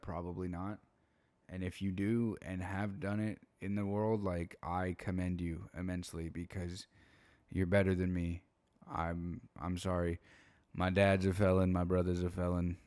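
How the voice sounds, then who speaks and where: A young man with a very low voice, worn out and yawning, rambles through his late-night commentary in loose slang. The sound is dry and close, with no room around it. He drifts and circles back with lots of fillers. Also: level tone, measured pace, a little mellow, no room sound. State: tired, yawning. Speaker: commentary YouTuber.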